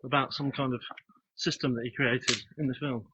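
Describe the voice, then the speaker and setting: A man's voice: medium pitch, fairly even intonation, moderate pace, bright, forceful tone, lo-fi sound, a little hiss or hum. A man chatting casually while live-streaming from his phone on a walk outdoors. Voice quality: chatty, joking, reads out comments. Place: outdoors on a street. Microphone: phone held while walking.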